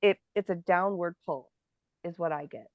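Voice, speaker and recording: A woman's voice: lowish voice, normal speed, no room sound. Reflective woman on a dull lo-fi mic. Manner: reflective, searching for words with frequent ums. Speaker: spiritual workshop co-host. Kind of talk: live Q&A discussion. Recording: dull lo-fi sound.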